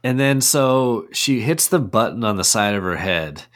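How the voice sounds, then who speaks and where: A man's voice: on the low side, expressive, normal speed, fairly bright tone. A man co-hosting a movie podcast, chatting casually and describing scenes step by step, laughing often. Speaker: podcast co-host.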